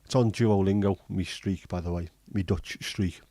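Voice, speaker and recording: A man's voice: low voice, steady tone, normal speed, mellow, no room sound. A man hosting a livestream, chatting casually, joking and swearing as he reads viewer comments. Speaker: livestream host.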